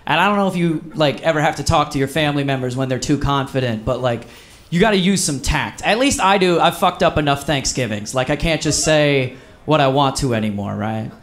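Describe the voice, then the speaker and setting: A man from Wisconsin doing stand-up on stage, chatty and profane. His voice sits a touch high for a man, and he tosses off quick asides. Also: fairly bright tone. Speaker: stand-up comedian. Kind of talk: stand-up comedy set. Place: comedy stage.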